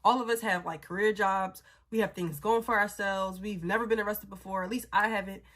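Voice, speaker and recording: A woman, a mother, telling a story in a casual, animated and blunt way, swearing freely. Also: mid-range voice, a little fast.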